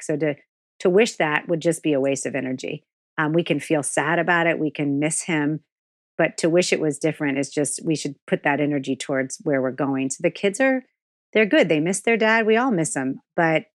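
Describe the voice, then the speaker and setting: A woman's voice: low voice, dry recording, clean studio sound. A woman in her forties, a guest in a candid podcast interview, talking frankly and with animation and swearing freely.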